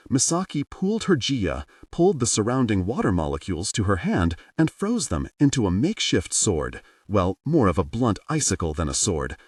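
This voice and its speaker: A man narrating an audiobook in an expressive, varied way. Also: lowish voice, dry recording. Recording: dry, slightly distant mic.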